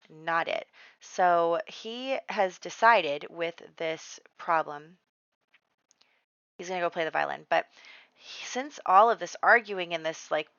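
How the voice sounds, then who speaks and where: A woman giving casual let's-play commentary, chatty and giggly, telling the story and quickly quoting the characters. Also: lowish voice, vocal fry, a bit bright, no echo, lo-fi sound. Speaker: gameplay commentator.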